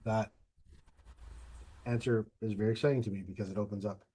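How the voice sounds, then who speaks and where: A man's voice: on the low side, fairly even intonation, fairly quick, warm tone, breathy edge. A man co-hosting a podcast in casual chat, talking thoughtfully in long winding sentences. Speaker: co-host.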